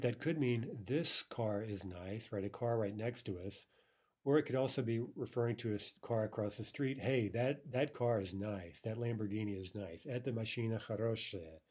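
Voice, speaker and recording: A man's voice: on the low side, a little mellow. A man teaching a language lesson, explaining patiently and often checking in with the listener. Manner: explanatory, repeatedly checks understanding with "right?"; frequent fillers and restarts.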